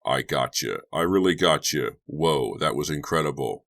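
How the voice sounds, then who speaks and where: A man's voice: rumbling low, lively intonation, normal speed, creaky, a bit bright, exaggerated voice. A man doing a wheedling teenage prankster boy. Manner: wheedling, playful. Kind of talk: audiobook character voice.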